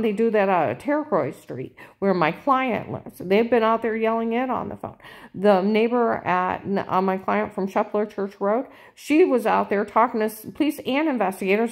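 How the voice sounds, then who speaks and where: A woman in a casual monologue, insistent and repetitive, turning loud and emphatic. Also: mid-range voice, moderate pace. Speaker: vlogger.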